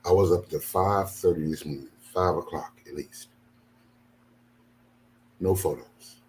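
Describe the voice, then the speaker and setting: This man's low, darkish voice moves at a measured pace over slight background noise. He's an older ministry leader in his home studio, sleepless and worn out, angrily venting in an aggrieved, emphatic, repetitive monologue.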